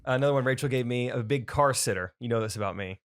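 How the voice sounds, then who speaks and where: A man's voice: mid-range voice, quick pace, clear, resonant tone. A man co-hosting a podcast, joking in a playful, casual way. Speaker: podcast co-host. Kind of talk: casual chat.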